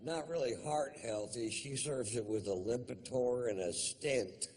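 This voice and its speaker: A male stand-up comedian telling stories in a dry, deadpan way with crude punchlines. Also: medium pitch, unhurried, background noise.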